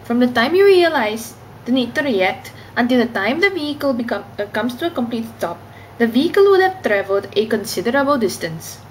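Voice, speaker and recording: A woman's voice: a little high, very animated, fairly quick, slight background noise, voice pushed up, poor audio. A woman reading a formal driving-instructions script in a put-on Indian accent, emphatic and formal. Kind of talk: read-aloud script.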